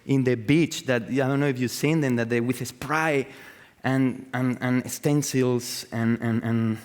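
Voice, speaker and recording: A man with as his gives a live talk about his art, swearing freely and piling up fillers, false starts and repeated words. His voice sits at a middle pitch and carries a long reverb from a large event hall. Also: a little slow, clear, resonant tone. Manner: profane, excitable, full of fillers and restarts. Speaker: artist giving a talk.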